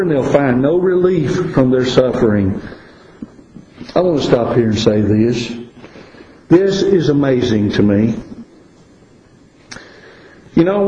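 A man preaching a sermon, earnest, dropping to quiet asides and rising to stress warnings. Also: on the high side, roomy sound, muffled recording, a little hiss or hum.

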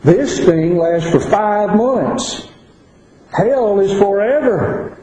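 A man preaching a sermon, earnest, dropping to quiet asides and rising to stress warnings. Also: high voice, expressive, extremely slow, roomy sound, a little hiss or hum, poor audio.

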